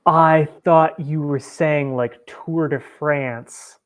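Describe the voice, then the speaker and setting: A co-host on a livestream talks in relaxed, slangy casual chat. The voice is easygoing and joking, with a middle pitch. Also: very slow. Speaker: stream co-host.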